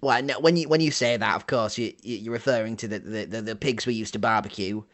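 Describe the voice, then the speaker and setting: A man's voice: fairly low pitch, fast, a bit bright. A man hosting an improvised comedy show, stammering and blustering as he talks. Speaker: comedy podcast host.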